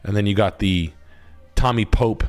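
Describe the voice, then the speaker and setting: A man hosting a live stream, rambling in crude, joking talk that comes out in quick bursts. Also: lowish voice, darkish tone, soft background music. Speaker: livestream host, realtor.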